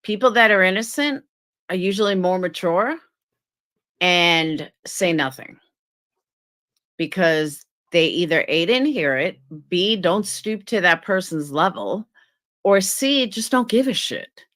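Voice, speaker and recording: A woman's voice: lowish voice, lively intonation, measured pace, a bit bright. A woman on a live stream telling a story and ranting bluntly, with swearing. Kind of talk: casual live-stream rant.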